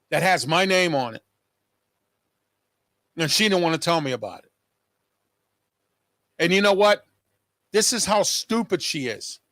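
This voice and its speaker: This show host, a man with a fairly high and fairly bright voice, talks straight to his viewers in an emphatic, agitated personal monologue, repeating what he says. There's no room sound.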